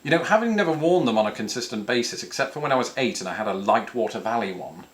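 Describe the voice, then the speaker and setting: An Englishman in his thirties hosts a casual Q&A to camera, answering viewers with dry, self-mocking humour and puns. His British-accented voice sits at medium pitch, animated and quick.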